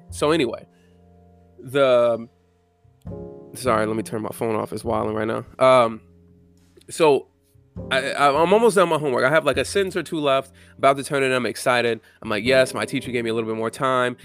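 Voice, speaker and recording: A young man giving a casual, blunt, profane motivational monologue with fervent conviction. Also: mid-range voice.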